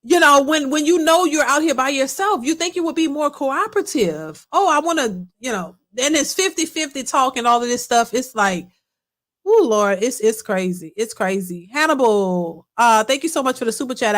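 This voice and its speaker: Casting: high-voiced woman streamer, emphatic, repeats herself, casual reaction commentary. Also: lively intonation, normal speed, a bit bright. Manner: emphatic, repetitive, talks to chat. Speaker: reaction channel host.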